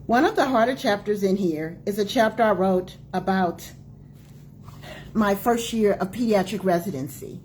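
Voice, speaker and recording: A woman in her forties, a doctor and author hosting her own book launch, talking live to viewers with emphatic repetition and quick greetings to people joining. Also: mid-range voice, animated, slight background noise. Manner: emphatic, repeats key phrases, calls out greetings to viewers. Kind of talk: live-streamed talk to viewers.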